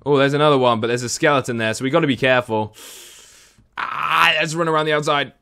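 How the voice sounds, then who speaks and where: A young man giving excitable gameplay commentary, chatting to the creatures on screen and to his viewers. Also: mid-range voice, fast, creaky, clear, resonant tone. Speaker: gaming video host.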